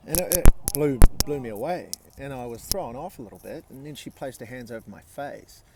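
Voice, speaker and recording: A man's voice: mid-range voice, expressive, a little fast, vocal fry, heavy background noise. A man in his forties telling a personal story in a casual, candid way, swearing freely and using many fillers. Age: 40s.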